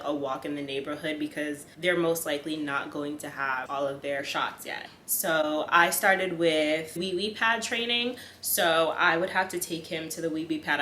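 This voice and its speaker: A woman's voice: deep voice, pushed and bright. A young woman chatting casually to camera with lots of fillers, giving tips and talking to her dog. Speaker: vlogger. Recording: echoey room, faint room noise.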